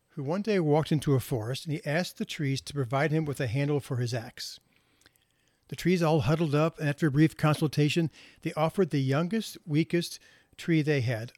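Gentle man telling moral stories. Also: on the high side, no room sound. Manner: gentle, unhurried, with pauses and restarts. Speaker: speaker sharing moral stories. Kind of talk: reflective storytelling talk.

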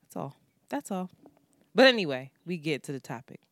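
A woman's voice: low voice, very animated, normal speed, a bit bright, no room sound. A woman co-hosting a podcast, telling a story in candid, profane casual chat. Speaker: podcast co-host.

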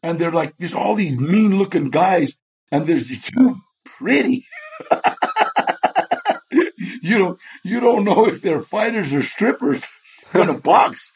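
A man's voice: sits high, animated, takes it slowly, long pauses, a little mellow, husky. A man, a guest in an interview, telling stories animatedly, acting out the people he quotes and laughing often. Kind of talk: storytelling in a chat interview.

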